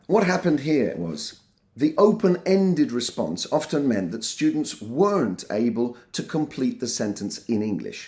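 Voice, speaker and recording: Guy training teachers, middle-aged, bouncy up-and-down voice, acts out little phrases. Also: medium pitch. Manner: demonstrates classroom phrases in animated voices. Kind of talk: instructional talk for teachers.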